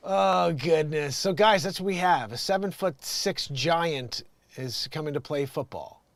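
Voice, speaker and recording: A man's voice: fairly high pitch, slow pace, dry recording. A man hosting an improvised comedy show, reading the news and breaking off into jokey, rambling asides.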